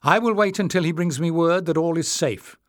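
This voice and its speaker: A man voicing a fierce, wary young woman warrior in an audiobook, with a sharp, commanding manner. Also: fairly high pitch, a little fast, no room sound, clean studio sound, voice pushed up, lightly acted.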